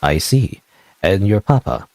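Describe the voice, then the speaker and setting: Man putting on a soft-spoken kindly priest. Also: low voice, expressive, a little slow, dry recording. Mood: gentle. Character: gentle kindly middle-aged male priest.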